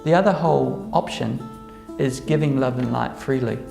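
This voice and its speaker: A man's voice: mid-range voice, normal speed, gravelly, roomy sound, music in the background. A man giving a casual workshop talk to a live group, keeping it conversational and checking in with the listeners through frequent "okay?" and "right?" asides. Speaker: workshop presenter.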